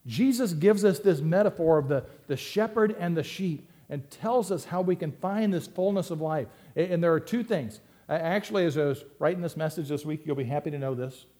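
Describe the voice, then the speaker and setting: This pastor's voice is fairly high and mellow as he preaches to his church, reading scripture and explaining it in a conversational manner with emphatic rises and asides.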